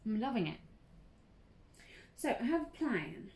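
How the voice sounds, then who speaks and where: A woman's voice: medium pitch, big pitch swings, a little slow, vocal fry, a little mellow. A chatty, bubbly young woman who laughs a lot and says "um" often, hosting a casual crafting tutorial vlog. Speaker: craft channel host.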